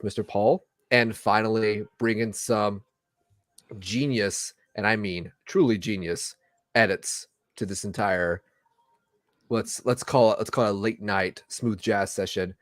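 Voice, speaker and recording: Guy hosting a fan stream, kinda low voice, dry sound, jokey. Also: no room sound. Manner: jokey, playful introductions. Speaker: podcast host. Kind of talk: casual livestream chat.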